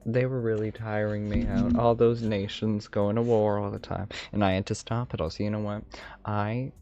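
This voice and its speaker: A man's voice: on the low side, little pitch movement, normal speed, warm tone, natural voice. A man doing a lisping, ancient dragon mage. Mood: playful. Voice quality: lisp, odd put-on dragonish accent. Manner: rambling, playful, self-amused asides. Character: ancient male dragon mage, smug and mischievous. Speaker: streamer. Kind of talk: in-character live stream chat. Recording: slightly dull stream audio, faint music.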